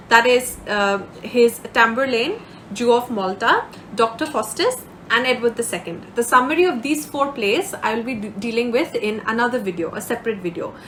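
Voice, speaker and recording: A woman's voice: on the high side, bright, forceful tone, slight background noise. A woman teaching an exam-prep literature lesson. She explains each point over and over, checks in with "okay?" and "right?", and draws out words to show where the stress falls. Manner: stretches out key words to demonstrate stress.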